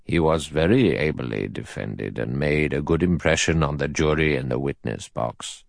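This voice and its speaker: A man doing a cold gravelly old judge. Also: rumbling low, no room sound, studio quality, voice pushed down. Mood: measured, cold. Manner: measured, deliberate delivery. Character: elderly male judge, cold and precise. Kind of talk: audiobook character reading.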